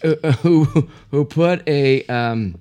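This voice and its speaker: A man's voice: fairly high pitch, slow, darkish tone, smooth. A tipsy man co-hosting a podcast, trying to read out a silly word game and stumbling over the words as he keeps breaking into giggles. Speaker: podcast co-host.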